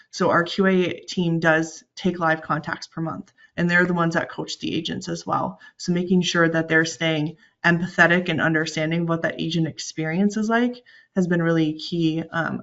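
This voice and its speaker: A woman speaking as a team lead on a webinar panel, steady and clear, explaining through examples. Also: deep voice, dull audio. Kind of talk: conversational webinar talk.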